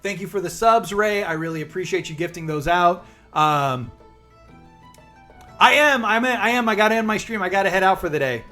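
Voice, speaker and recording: A man's voice: high voice, lively intonation, brisk, sharp tone, soft background music. A man in his forties, streaming live and chatting casually, upbeat and calling viewers by name.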